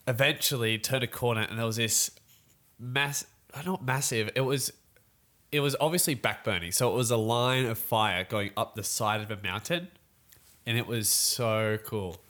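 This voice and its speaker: A young man, telling a story in a casual podcast chat and acting out other people's voices as he goes. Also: mid-range voice. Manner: animated storytelling, quick laughs, acts out voices.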